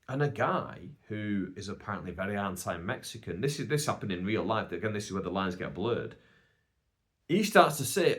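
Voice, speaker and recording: A man's voice: on the low side, sing-song, normal speed, a bit bright. A British man hosting a casual solo podcast, telling a long story in a chatty, rambling way with many asides. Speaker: podcast host.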